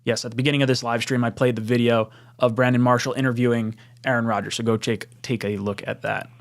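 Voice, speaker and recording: A young man hosting a casual live stream. He reads out viewer comments and laughs often, and his voice jumps up when he gets excited. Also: medium pitch, quick pace.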